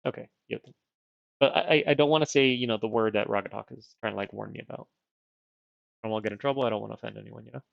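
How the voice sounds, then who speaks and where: A rambling man streams a strategy game and thinks out loud, poking fun at himself as he goes. His voice is gravelly and his speech slightly affected by dental retainers. The mic sounds dry and a little dull. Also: on the low side, rapid-fire, no room sound. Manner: rambling, self-deprecating, thinks aloud. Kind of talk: casual game livestream chat.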